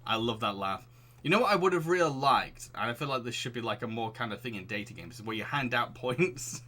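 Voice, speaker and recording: A man's voice: medium pitch, expressive, fairly quick, pushed and bright, a little hiss or hum. A young man streaming a game and commenting in a giggly, enthusiastic way. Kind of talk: casual gaming commentary.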